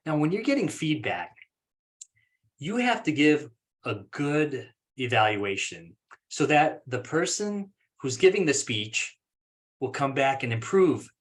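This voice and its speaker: On a video call at an online speaking club meeting, a man presents a course plan in a casual, self-deprecating way. His medium-pitched voice is sing-song and a little slow, and he acts out examples in different voices.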